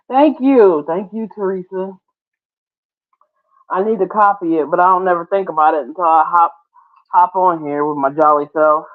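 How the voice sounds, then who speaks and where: A woman's voice: lowish voice, measured pace, pauses often. Chatty woman on a tinny live stream. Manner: chatty, laughs often, playful asides. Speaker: livestream host. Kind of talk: casual live-stream chat. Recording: tinny phone-like sound.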